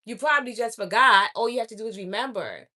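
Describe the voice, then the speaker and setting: Woman w/ doing an oracle reading, bright higher voice, blunt and preachy, keeps repeating herself. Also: quick pace. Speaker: spiritual oracle reader. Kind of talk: direct-to-camera spiritual message.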